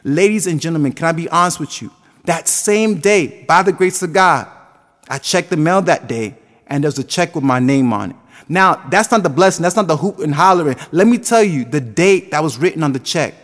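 A man's voice: a little high, animated, a little fast, fairly bright tone, long reverb tail. A man in his twenties preaching a sermon with a passionate, sing-song cadence that rises and falls. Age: 20s.

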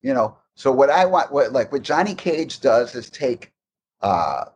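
A man recounts behind-the-scenes stories in a loose, rambling way, restarting sentences as he goes. His voice sits at an ordinary middle pitch, with a faint background hum behind him. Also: unhurried, highs cut off. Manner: rambling, restarts often, animated anecdotes. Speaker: guest recalling game development. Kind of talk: casual interview storytelling.

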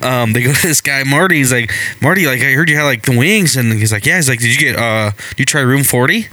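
A man's voice: mid-range voice, lively intonation, fast, bright, forceful tone, no room sound. A man co-hosting a casual podcast chat, laughing often while he tells anecdotes. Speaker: podcast co-host.

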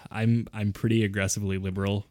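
A fast-talking man with a lowish voice chats on a podcast and keeps the words tumbling out. His sound is close and dry, straight into the mic. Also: flat delivery, a little mellow, dry recording. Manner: quick and chatty, laughs as he talks. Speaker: podcast co-host. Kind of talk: casual chat.

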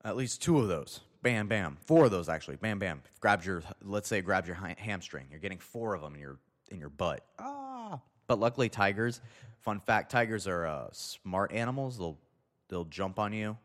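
A man's voice: low voice, animated, normal speed. A young man telling a rambling, profane comedic anecdote, often cutting himself off mid-sentence. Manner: rambling, profane, self-interrupting. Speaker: storyteller. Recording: long reverb.

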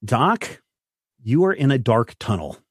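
A man narrating as game master for a tabletop game, describing scenes and walking players through the rules. His voice sits at a middle pitch and sounds dry and close, with no room sound. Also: big pitch swings, measured pace, husky, dry recording. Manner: descriptive narration with rules explanations, some restarts.

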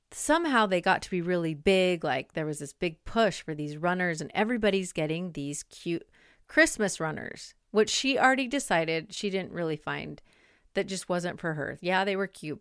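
A woman's voice: lowish voice, clear, resonant tone, dry recording, clean studio sound. A woman in her forties hosting a podcast, talking in a chatty, rambling way full of fillers. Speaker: podcast host. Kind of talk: casual monologue.

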